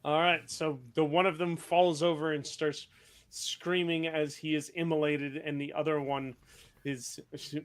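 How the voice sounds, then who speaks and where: A man narrating as game master of an online tabletop game, joking and relaxed. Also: a little high, a little slow.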